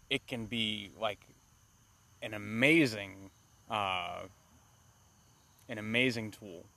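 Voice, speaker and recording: A man with a fairly low voice talks through a movie review in loose, casual chat. He rambles, swears freely and gets animated as he goes. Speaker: podcast co-host.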